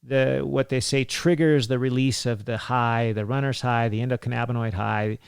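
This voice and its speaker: A man's voice: medium pitch, fairly even intonation, moderate pace, creaky, clear, resonant tone, no room sound, clean studio sound. A man in his forties hosting a health podcast, talking casually with lots of fillers and laughs. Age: 40s. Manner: chatty, laughs often, many fillers. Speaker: physician podcast host.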